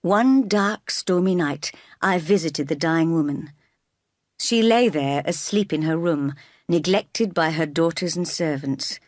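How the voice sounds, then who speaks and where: A woman narrates a novel in a calm, even storytelling manner. Her voice sits on the low side, and the recording is dry and close. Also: a little slow, no echo. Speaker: audiobook reader. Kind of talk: scripted narration.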